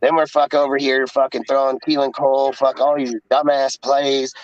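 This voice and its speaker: A man's voice: mid-range voice, little pitch movement, normal speed. A man ranting profanely and in exasperation about a football game in casual sports talk. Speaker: podcast co-host. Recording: dull dry lo-fi sound.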